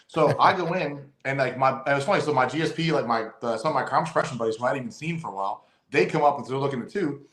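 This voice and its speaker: Cop guest talking super fast, excited, repeats stuff, echoey room. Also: male voice, medium pitch. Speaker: guest police officer. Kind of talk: casual storytelling chat.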